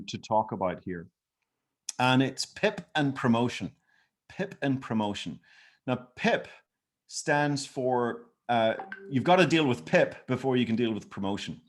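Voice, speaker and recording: A man from Northern Ireland with a Northern Irish accent, giving an upbeat, emphatic business training talk over a home video call and repeating his key points. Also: medium pitch.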